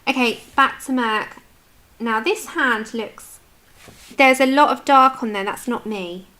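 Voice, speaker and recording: A woman from the UK chats casually to her livestream viewers while she colours, answering their comments as they come in. Her voice sits a little high and sounds bright and forceful. She talks at a desk microphone. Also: slow. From United Kingdom.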